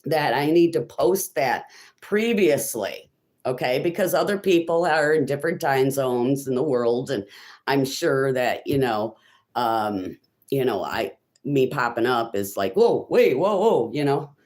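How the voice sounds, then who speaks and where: A woman's voice: extremely low pitch, unhurried, darkish tone. A woman from Illinois talks casually on her own live stream. She rambles from one thought to the next, fills gaps with ums and stops to reply to comments from her viewers. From Illinois, USA.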